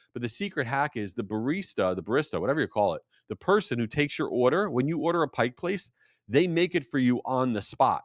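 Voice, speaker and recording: A male podcast host talking straight into a close studio mic, with a bone-dry sound and no room around him. He tells stories in a jokey, self-deprecating way, his pitch swinging widely up and down as he goes. His voice sits at an ordinary middle pitch for a man. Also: dry recording. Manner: animated, jokey storytelling with self-deprecating asides. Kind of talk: solo podcast monologue.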